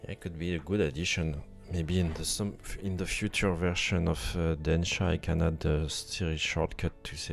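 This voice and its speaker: Low gravelly Frenchman live-coding. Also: steady tone, moderate pace, few pauses, soft background music. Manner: frustrated, swearing at his tools. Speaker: developer live-coding on stream.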